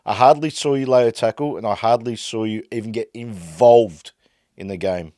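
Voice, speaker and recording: An Australian man hosting a podcast, delivering an exasperated fan rant that swings between loud outbursts and muttered frustration. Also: on the low side, moderate pace, no echo, studio quality. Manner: fired-up, exasperated ranting that swings loud and quiet. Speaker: podcast host. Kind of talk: ranting fan commentary.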